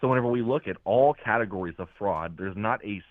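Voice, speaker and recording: Angry young caller on a phone line. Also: male voice, lowish voice, fast talker, no echo. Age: young adult. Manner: angry, swearing, insists on finishing his point. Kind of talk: heated call-in argument.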